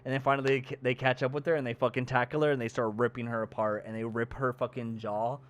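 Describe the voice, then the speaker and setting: Talking fast in a mid-range voice, a young podcast co-host swears casually while animatedly acting out scenes during relaxed chat. A little hiss or hum runs under the recording.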